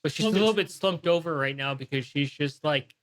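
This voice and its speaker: A woman narrating as game master of a tabletop game, in an unhurried, casual way. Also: low voice, slight background noise.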